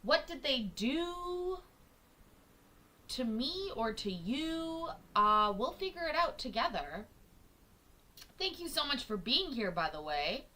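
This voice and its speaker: A woman's voice: sits high, big pitch swings, slow, long pauses, bright, forceful tone. A woman hosting a casual livestream from her kitchen, chatting with viewers in a jokey, self-teasing way and swearing freely. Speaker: livestream host reacting to court videos. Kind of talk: casual chat to a live audience. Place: home kitchen.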